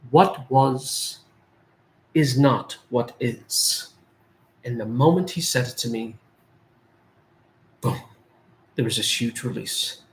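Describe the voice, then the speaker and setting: A man in his forties, a medium and life guide, giving an earnest spiritual talk to viewers and repeating phrases for emphasis. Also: medium pitch.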